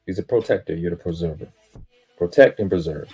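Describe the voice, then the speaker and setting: A man with a very low, dark voice delivers an emphatic, preachy monologue on a live stream. He speaks, swears casually and boasts about himself. Faint music sits in the background. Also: brisk, husky. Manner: self-aggrandizing, spiritual teaching tone.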